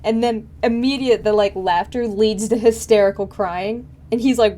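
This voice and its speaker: A woman's voice: fairly high pitch, steady tone, normal speed, few pauses, dark tone. A young woman streaming live, chatting casually with her viewers in a rambling way full of fillers. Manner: rambling, filler-heavy, frequent laughs.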